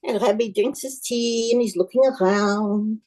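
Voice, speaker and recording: A woman giving a club speech as an expressive folk tale, told with animation. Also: on the high side, unhurried, poor audio. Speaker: club speaker.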